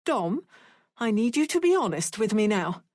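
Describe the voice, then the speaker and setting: A woman's voice: medium pitch, very animated, normal speed, darkish tone, dry recording, studio quality. A woman voicing a stern mother who questions coldly and sharply. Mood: insistent. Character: stern mother, cold and demanding.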